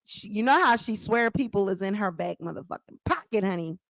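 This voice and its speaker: Woman gossip vlogger cussing and laughing, super lively voice, dry close sound. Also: mid-range voice, a little fast, no room sound. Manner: laughing, profane, animated. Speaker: vlog host. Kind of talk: casual gossip commentary.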